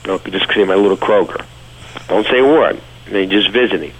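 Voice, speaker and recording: A man's voice: low voice, moderate pace, slightly rough, rough recording. A man with a New York accent putting on a boastful, flirty male bodybuilder star who gives playful orders. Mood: scheming.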